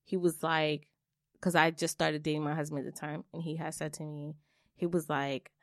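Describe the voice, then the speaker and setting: A young adult woman on a podcast, telling a personal story in blunt, swearing, animated casual chat. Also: deep voice, moderate pace, no room sound, studio quality. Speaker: podcast co-host.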